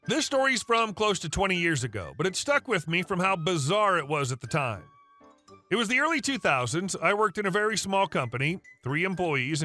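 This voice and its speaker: Bright-voiced man reading stories. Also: high-pitched. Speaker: narrator. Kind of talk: scripted narration of online stories.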